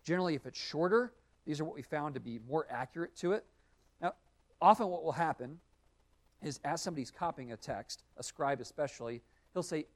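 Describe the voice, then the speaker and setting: Fast-talking man teaching a class. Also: fairly high pitch, lively intonation. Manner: conversational, asks the class questions. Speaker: Sunday school teacher. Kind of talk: classroom lecture.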